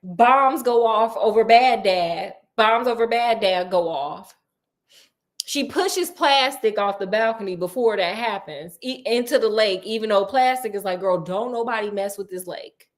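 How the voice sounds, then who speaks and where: Woman, book recap host; playful, animated storyteller with a slightly higher voice. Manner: animated, acts out characters' lines in quick asides; playful and sassy.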